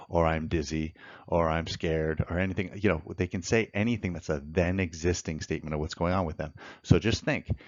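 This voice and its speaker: A man's voice: low voice, darkish tone, dry recording, lo-fi sound. A man teaching evidence law in a methodical lecture, walking through courtroom examples step by step. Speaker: law instructor.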